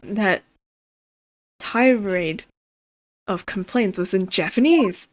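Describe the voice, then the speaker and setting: A woman's voice: medium pitch, slow, lightly acted. Woman reading a bewildered young lawyer. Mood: puzzled.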